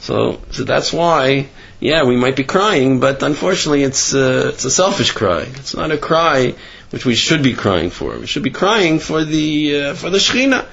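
A man giving a Torah class sermon with animated storytelling, rising in pitch for emphasis. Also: moderate pace, gravelly, slightly rough, muffled recording. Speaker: religious teacher.

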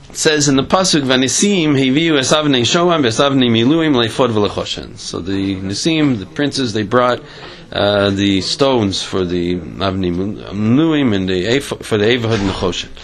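A man's voice: mid-range voice, rough recording. A man giving a Torah class, telling a parable animatedly and voicing its characters, with many fillers and restarts. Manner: animated storytelling with voiced characters.

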